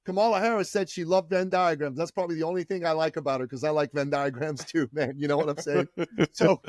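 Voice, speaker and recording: A man's voice: fairly high pitch, fairly even intonation, fast, dry recording, clean studio sound. A man from Iran, a guest on a podcast, telling his story with a fervent, preacher-like delivery. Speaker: entrepreneur guest.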